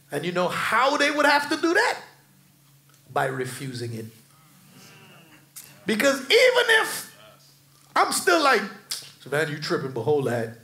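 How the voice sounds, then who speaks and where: A middle-aged American pastor preaching in a bright, high, lively voice. He climbs to shouted peaks, then drops to hushed, low asides, and mixes in casual slang and jokes. The sound is roomy and echoey. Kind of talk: sermon.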